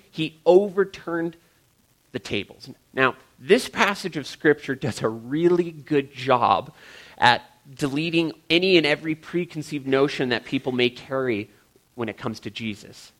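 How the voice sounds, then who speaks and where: A man's voice: a little high, expressive, moderate pace, fairly bright tone. A male pastor and parent giving a sermon in a joking, conversational way, often calling his listeners guys.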